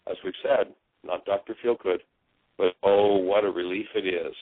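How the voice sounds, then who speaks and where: A man's voice: sits low, steady tone, normal speed, no echo. A man hosting a radio talk show, earnestly explaining ideas and acting out the people he quotes. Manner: earnest, explanatory, acts out quotes in other voices. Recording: dry phone-line sound.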